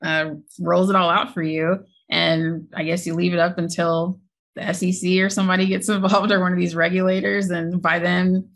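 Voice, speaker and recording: A woman's voice: lowish voice, flat delivery, moderate pace. A woman co-hosting a tech podcast, chatting casually, often laughing and correcting herself mid-sentence. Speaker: podcast co-host.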